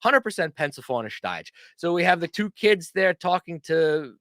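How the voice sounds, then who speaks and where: A man's voice: a little high, big pitch swings, moderate pace, fairly bright tone, dry recording, studio quality. A chatty male host who talks in a casual, rambling, self-deprecating way on a livestream.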